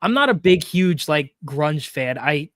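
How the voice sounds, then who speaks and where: A man's voice: fairly high pitch, animated, unhurried, fairly bright tone, no echo, clean studio sound. A man hosting a casual wrestling podcast, blunt and swearing freely. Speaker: podcast host. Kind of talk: casual chat.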